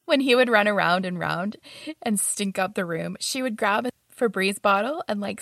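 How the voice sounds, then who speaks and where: A woman's voice: mid-range voice, animated, normal speed, vocal fry, a bit bright, no echo, studio quality. A young adult woman casually telling stories about her roommates, often laughing as she talks. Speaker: storyteller.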